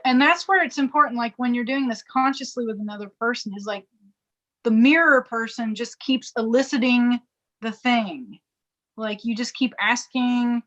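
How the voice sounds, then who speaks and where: Lively woman, spiritual podcast chat. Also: a little high, normal speed. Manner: animated, acts out quoted inner dialogue, laughs often. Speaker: podcast co-host. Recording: dull lo-fi podcast audio.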